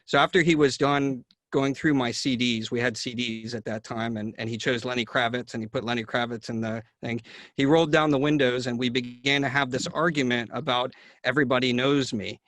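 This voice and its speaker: A man's voice: mid-range voice, fairly even intonation, fairly quick, fairly bright tone, no echo. A man hosting a conversation, telling a long story with many fillers and restarts. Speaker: neurologist host. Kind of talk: casual video-call conversation.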